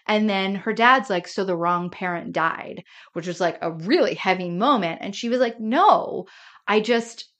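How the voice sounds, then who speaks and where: Woman, podcast co-host, casual and lively, quick laugh, relays scenes by quoting characters. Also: medium pitch. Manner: animated, laughs often, quotes characters. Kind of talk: casual chat.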